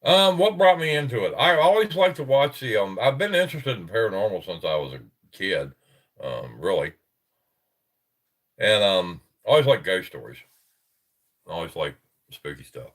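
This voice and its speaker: Male host, low voice that jumps around a lot, chatty and rambling, mic set back from him. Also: normal speed, distant mic. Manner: rambling, animated, many restarts. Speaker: podcast host. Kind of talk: casual chat.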